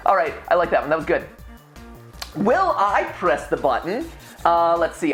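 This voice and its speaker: A man's voice: high voice, big pitch swings, normal speed, a bit bright, faint music behind. A young man co-hosting a casual livestream, joking and teasing and often laughing. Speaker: livestream co-host.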